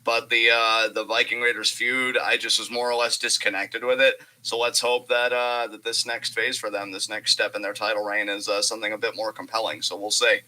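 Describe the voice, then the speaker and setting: A man's voice: fairly low pitch, flat delivery, a little fast, few pauses, bright, forceful tone, rough recording. A young man co-hosting a casual wrestling chat, talking hesitantly with lots of fillers and some swearing. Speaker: co-host.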